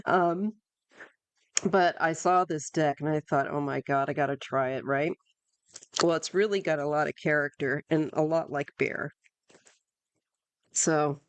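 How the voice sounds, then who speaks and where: Slow, chatty woman reading tarot. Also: low-pitched, no room sound. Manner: chatty, rambling, with frequent fillers and asides. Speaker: tarot reader. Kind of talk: casual live-stream tarot reading. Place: home in Northern California.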